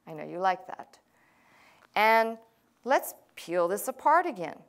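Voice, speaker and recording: A woman's voice: mid-range voice, sing-song, measured pace. A woman pastor teaching a language class, explaining patiently step by step with casual asides.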